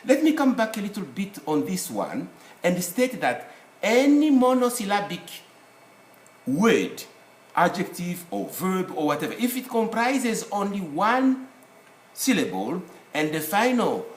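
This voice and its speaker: Animated teacher in an echoey room. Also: male voice, high voice. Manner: explains step by step with worked examples, spells out letters. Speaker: English teacher. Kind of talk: recorded spelling lesson. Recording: echoey room with faint noise.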